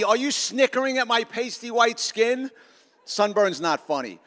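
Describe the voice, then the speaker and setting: A man's voice: very high voice, animated, a little slow, a bit bright. A middle-aged man giving a joking, sarcastic motivational talk to students at a school assembly. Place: large school auditorium. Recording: echoey auditorium.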